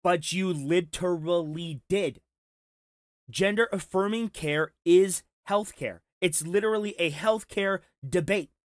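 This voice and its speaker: A man's voice: high voice, slow pace, no room sound, clean studio sound. A man giving heated, profane reaction commentary, talking with sarcasm and frustration. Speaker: commentary streamer.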